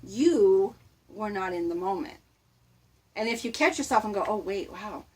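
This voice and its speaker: A woman's voice: mid-range voice, expressive, moderate pace, a little mellow, slightly rough. A woman hosting a casual motivational talk, chatty and laughing often as she speaks to her viewers. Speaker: host.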